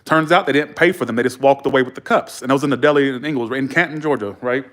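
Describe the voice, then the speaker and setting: A man spins stories straight to camera in a loose, casual vlog. He is blunt and profane, acts out the arguments he describes, and chuckles between remarks. His voice sits at an ordinary middle pitch. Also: fast talker, fairly bright tone. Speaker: vlogger.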